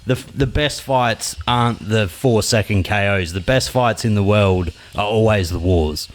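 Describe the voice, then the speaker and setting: A podcast host with a lowish voice talks loosely and swears freely. He asks questions and chimes in eagerly during a relaxed chat. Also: a little slow. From Australia.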